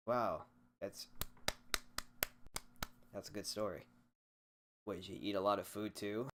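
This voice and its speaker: A man's voice: fairly low pitch, takes it slowly, pauses often, fairly bright tone. A young man hosting a solo podcast, ranting in a profane, rambling, sarcastic way into a desk microphone. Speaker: podcast host.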